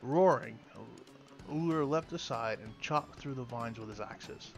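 A man's voice: mid-range voice, unhurried. A man reading a fantasy story aloud, with occasional slips and restarts. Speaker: lore reader. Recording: music playing behind.

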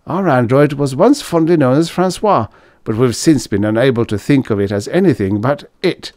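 A man voicing an excitable, impulsive man in a storybook reading. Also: mid-range voice, moderate pace, no echo, studio quality, voice pushed up, lightly acted. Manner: excitable, exclaiming. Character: excitable, impulsive middle-aged man, frazzled android owner.

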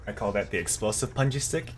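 A man hosting a casual gameplay video, jokey and excitable, yelping and laughing through his commentary. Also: on the low side, fast, soft background music. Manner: excitable, jokey, yelps and laughs at close calls. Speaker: gaming video host.

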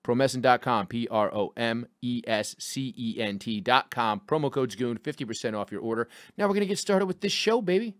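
A man hosting a comedy podcast, reading an ad and bantering quickly. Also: medium pitch, animated, dry recording, clean studio sound. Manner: rapid, chatty delivery. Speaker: podcast host. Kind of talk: casual podcast banter and ad read.

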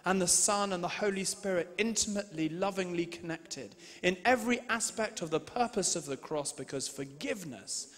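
A man preaching a sermon and reading scripture, moving between loud emphasis and hushed, slow passages. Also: high-pitched. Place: large church hall. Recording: reverberant hall sound.

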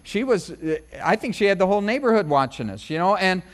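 A middle-aged man delivers a sermon as pastor, his voice sitting notably high for a man. He talks in a chatty, storytelling way, full of asides, rather than with formal preaching. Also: expressive, a little fast. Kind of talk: conversational sermon. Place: church service.

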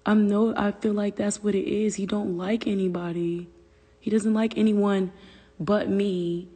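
A woman's voice: medium pitch, little pitch movement, a little slow, warm tone, breathy edge, long reverb tail. A woman chatting casually on a phone livestream from her family room, rambling and swearing freely and slipping into whispers. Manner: loose, profane, rambling, drops to whispers. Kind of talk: casual livestream chat, reading comments.

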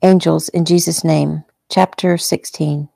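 Gravelly-voiced woman reading her novel. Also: low-pitched, steady tone, warm tone, no echo. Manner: unhurried and intimate. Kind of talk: casual audiobook narration.

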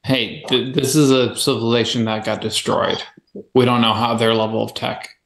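Gravelly-voiced man in an echoey room. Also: mid-range voice, flat delivery, normal speed. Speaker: player. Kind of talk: casual game chat.

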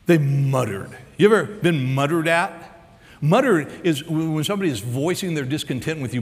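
An American man preaching a sermon as pastor, acting out the story's dialogue with lively energy. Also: on the high side, moderate pace, big-room sound. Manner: animated preacher, acts out dialogue.

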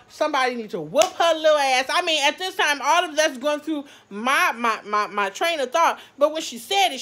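A woman vlogger telling a story to her viewers, animated and laughing as she talks. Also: on the high side. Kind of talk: storytime vlog.

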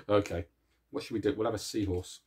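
This host has a lowish, darkish voice with a slight roughness. Eating chocolate through a laid-back video chat, he keeps cracking self-deprecating jokes and laughing at his own wordplay.

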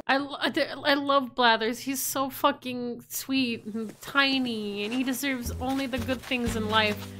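A young woman streamer giving excitable game commentary, swinging from loud shrieks to low mumbles and swearing freely. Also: normal speed, faint music behind. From United States.

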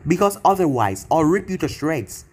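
A man's voice: fairly high pitch, big pitch swings, moderate pace. A man voicing a young male ninja leader in a storybook reading, earnest and commanding in a plain, lightly raised voice. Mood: menacing.

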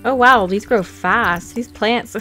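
A woman hosting a game let's play, chatting casually with quick laughs and sarcastic asides, recorded on a desk microphone at home. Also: on the high side, sharp tone, faint music behind. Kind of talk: casual gameplay commentary.

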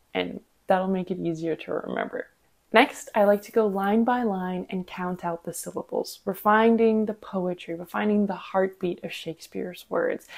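A woman's voice: on the low side, vocal fry, darkish tone. A woman in her twenties hosting a podcast, explaining acting technique in a chatty, instructional way with casual fillers. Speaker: podcast host and acting coach.

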